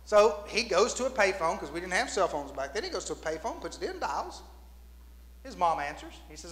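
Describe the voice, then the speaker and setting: With a high-pitched, sing-song delivery, a pastor preaches briskly, telling stories and voicing the characters in them. His tone is fairly bright, and long reverb fills the church sanctuary around him.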